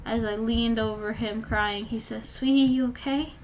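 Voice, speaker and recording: Young woman vlogger, slightly high voice, reads her own old story aloud with dry, chatty side comments over faint background noise. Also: fairly even intonation, moderate pace, darkish tone. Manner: wry, chatty asides. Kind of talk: reading aloud with casual commentary.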